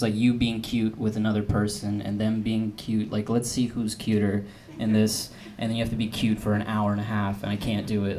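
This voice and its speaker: A young male comic in his twenties rambles through a self-deprecating set, his voice sitting low. He leans on "like" and restarts as he goes. A live club crowd laughs behind him through steady noise. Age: 20s. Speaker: stand-up comedian. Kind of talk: stand-up comedy set. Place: comedy club stage. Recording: noisy live comedy club. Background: audience laughter.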